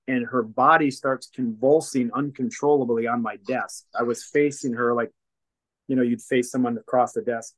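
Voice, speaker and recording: Speaking at a moderate pace in a medium-pitched voice, a man tells a lively story and voices the quoted dialogue himself. He's a deliverance minister and former counselor appearing as a guest, giving a storytelling testimony in casual chat; the audio is poor but echo-free.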